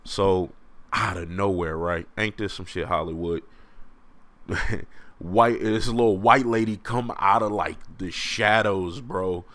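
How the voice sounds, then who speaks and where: A young man hosting a podcast alone, telling a story casually in slang, animated and often laughing. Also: deep voice, takes it slowly, no room sound. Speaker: podcast host.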